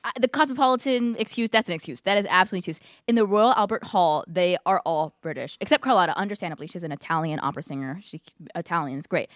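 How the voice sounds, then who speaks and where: A woman's voice: on the low side, quick pace, hardly any pauses, no echo, clean studio sound. A woman guest co-host on a film podcast, talking emphatically and gushing, repeating her points for effect. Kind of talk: casual podcast chat.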